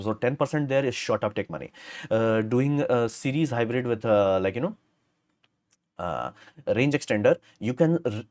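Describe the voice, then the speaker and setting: A man's voice: mid-range voice, darkish tone. Blunt guy on a livestream, rambly, lots of uhs, plain mid voice. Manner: blunt, rambling, many fillers and restarts. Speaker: livestream host answering viewer questions. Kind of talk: casual live-stream chat.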